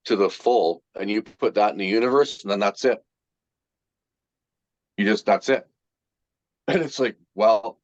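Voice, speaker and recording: A man with a lowish voice rambles earnestly and uses many filler words. The recording is dull and lo-fi. It is dry and close. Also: no echo. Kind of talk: casual chat.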